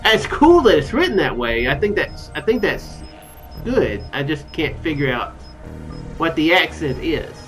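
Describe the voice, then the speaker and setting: A man casually commenting aloud while playing a story game, thinking out loud with hesitations. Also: on the high side, sing-song, measured pace, soft background music. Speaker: game player. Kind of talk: let's play commentary.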